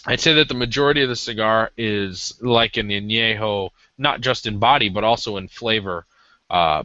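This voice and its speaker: Male podcast co-host, lower-pitched and bright, hesitant casual review, lo-fi sound. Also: dry recording. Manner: rambling, hesitant with many ums. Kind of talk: casual cigar review chat. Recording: dull lo-fi audio.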